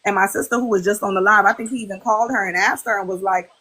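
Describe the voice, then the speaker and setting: Animated woman hosting a chat. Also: medium pitch, racing, few pauses. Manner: animated storytelling, acts out quotes. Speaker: podcast host. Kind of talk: casual chat. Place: livestream on a social app.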